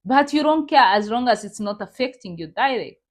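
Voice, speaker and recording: A woman's voice: on the high side, animated, moderate pace. A woman hosting a reaction vlog, delivering indignant commentary and repeating her points to her viewers.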